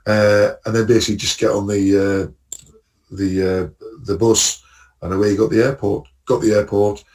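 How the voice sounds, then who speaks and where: A man with a fairly low voice chats casually on a podcast, telling a long travel story. He rambles, restarts and laughs at his own jokes. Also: flat delivery, moderate pace, a little mellow, far from the mic. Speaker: podcast co-host. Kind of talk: casual chat, travel anecdotes.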